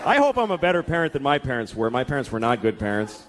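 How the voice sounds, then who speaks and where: A man's voice: medium pitch, big pitch swings, quick pace. A man doing a stand-up comedy set, telling stories in a profane, exasperated way. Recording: live club with audience laughter and noise. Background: crowd laughing.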